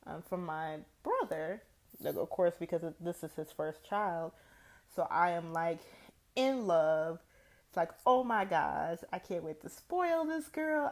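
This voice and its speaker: A woman's voice: lowish voice, a little mellow. A young woman hosting a podcast, telling a personal story in a chatty, laughing way full of filler words. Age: young adult. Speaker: podcast host. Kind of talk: casual solo podcast monologue.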